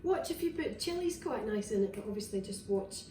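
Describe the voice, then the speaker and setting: A Scottish wellness vlogger casually demonstrates cooking in her home kitchen, chatting and rambling with fillers and restarts. Her medium-pitched voice is mellow, lively in intonation and a little fast. The roomy, distant recording has slight background noise and the clinks of dishes, cutlery and pans.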